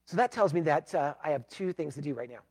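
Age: adult. Sex: man. Pitch: high. Style: sermon, emphatic with loud and hushed swings. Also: animated, fast talker. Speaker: pastor.

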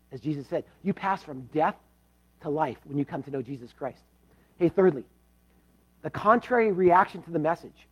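A man preaching a sermon as pastor, earnest, moving between loud emphatic points and hushed pleading prayer. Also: a little high, muffled recording. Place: church service.

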